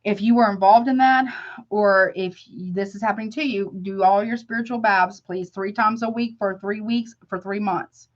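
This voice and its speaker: A woman reads tarot live in a loose, slangy chat. Her tone is sympathetic and easygoing, with a mid-range pitch. The audio is a little dull and lo-fi. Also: fairly even intonation, moderate pace. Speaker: tarot reader.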